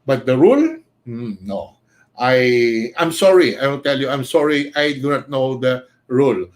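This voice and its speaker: A man teaching writing in an unscripted livestream lecture, pausing on many "uh" fillers and often ending points with a questioning "no?". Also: medium pitch, animated. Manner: hesitant, many "uh" fillers, frequent tag "no?".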